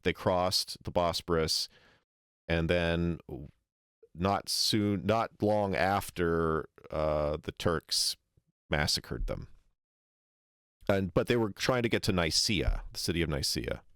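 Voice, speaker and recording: Male stream host, low and dry-sounding, wry and halting, lots of ums. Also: animated, fairly bright tone, smooth, dry recording. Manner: hesitant, many ums, wry and skeptical. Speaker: history channel host reacting to a lecture. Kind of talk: casual livestream commentary.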